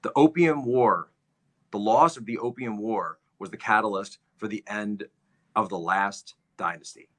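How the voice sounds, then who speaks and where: A man's voice: lowish voice, a little slow, a bit bright. A man hosting political commentary, lecturing on history and stressing points by repeating phrases.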